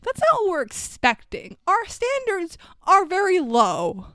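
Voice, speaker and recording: A young woman co-hosting a casual movie recap podcast, animated and sarcastic, swearing freely and laughing often. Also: very high voice, a little slow, dry recording, studio quality. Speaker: podcast co-host.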